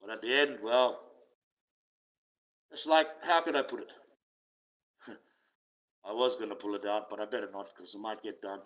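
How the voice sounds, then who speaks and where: An older Australian online streamer rants casually and bitterly, swearing a lot and letting out wry laughs. His voice is on the low side and a bit bright, with a steady tone, normal speed and frequent pauses, on slightly dull lo-fi audio.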